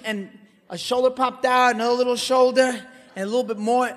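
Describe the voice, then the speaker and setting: High-voiced man in a comic stage monologue. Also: normal speed. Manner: animated storytelling, jumps into voices, swings between loud and hushed. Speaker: solo stage performer. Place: theater stage. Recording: live hall reverb, faint background noise.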